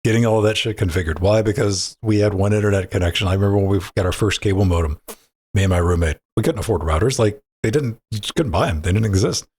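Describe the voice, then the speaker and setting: A man co-hosting a gaming podcast talks fast in a low, husky voice with a darkish tone. His banter is loose and rambling, full of restarted sentences and offhand swearing.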